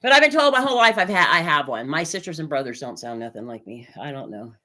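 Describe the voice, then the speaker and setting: A woman's voice: low-pitched, sing-song, fast, bright, forceful tone. A woman from Oregon chatting on a live stream while she gives a tarot reading, with lots of fillers and hesitations. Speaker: tarot reader.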